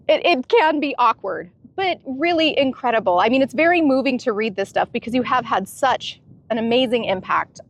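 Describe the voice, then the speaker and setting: A woman's voice: a little high, expressive, moderate pace. A woman reading an introduction and asking interview questions in an earnest, admiring way. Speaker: interviewer and narrator.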